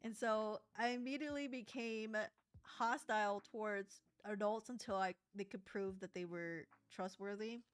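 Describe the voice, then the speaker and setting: A young adult woman livestreaming as she crafts, telling a story in a rambling, animated way with laughs. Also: medium pitch, moderate pace, clear, resonant tone, dry recording. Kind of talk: casual live-stream chat while crafting.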